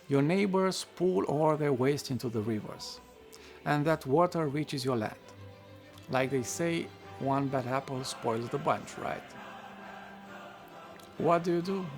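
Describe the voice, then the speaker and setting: Gravelly man narrating an essay. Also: fairly high pitch. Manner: reflective, occasional wry asides.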